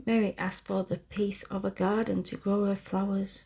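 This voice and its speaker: A woman reading a classic children's story aloud in a slow, soft whisper, a whispered role-play for relaxation, close to the microphone. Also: medium pitch, little pitch movement, gravelly, breathy edge. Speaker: ASMR storyteller.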